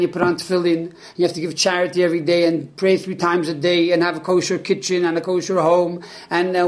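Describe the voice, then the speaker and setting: A man teaching a religious lesson as an animated storyteller who acts out the people in his stories. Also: high-pitched. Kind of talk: spoken Torah lesson.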